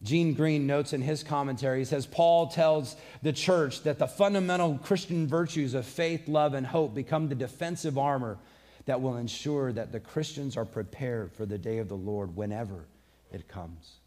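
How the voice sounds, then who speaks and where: A man's voice: medium pitch, normal speed, darkish tone. A man preaching a sermon, earnest and conversational, mixing scripture with personal stories. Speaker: pastor.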